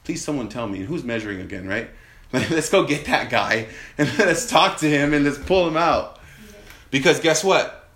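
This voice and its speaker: A man's voice: medium pitch, normal speed. Man preaching in an echoey room. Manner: animated, acts out quoted voices, rhetorical questions. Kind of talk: sermon.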